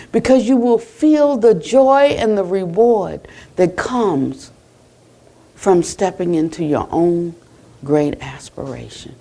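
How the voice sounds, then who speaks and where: American woman teacher, kinda high voice, chatty dharma talk, tells little stories, ends soft and quiet with a blessing. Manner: conversational, retelling exchanges, ending in a soft blessing. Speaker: Buddhist teacher. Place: retreat center hall.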